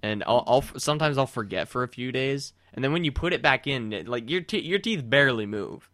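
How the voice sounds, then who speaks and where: A man's voice: medium pitch, lively intonation, brisk, fairly bright tone, no room sound, studio quality. A young man in casual chat with a friend, teasing and rambling with many restarts. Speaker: friend chatting.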